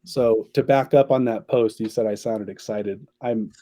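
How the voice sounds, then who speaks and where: A man's voice: lowish voice, fairly even intonation, moderate pace, warm tone, dry recording. A man, a company chief executive, answering interview questions at length in an upbeat way. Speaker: agency CEO, podcast guest.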